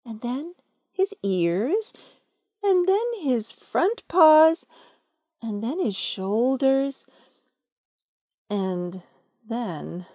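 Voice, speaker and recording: A woman reading a children's story aloud at an unhurried pace. Her pitch moves a lot, keeping it expressive. The sound is dry and close. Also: no echo. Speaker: storybook reader.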